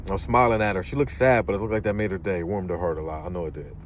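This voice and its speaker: A man's voice: on the low side, very fast, few pauses, a little hiss or hum. A young man casually telling a personal story, acting out the voices of the people in it. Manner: animated, acts out voices in the story.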